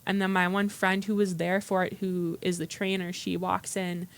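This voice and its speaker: A woman's voice: lowish voice, level tone, moderate pace. Woman, workshop participant, earnest storyteller, mid-range voice, plain room. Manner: earnest, recounts dialogue in quotes. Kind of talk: telling a personal story. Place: meeting room.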